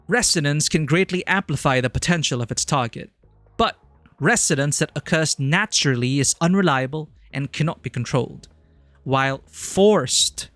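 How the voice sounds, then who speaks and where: A man's voice: a little high, fairly bright tone, no echo. A man voicing a formal official who presents a giant mech program, reading in a put-on generic British accent with stiff, declamatory delivery.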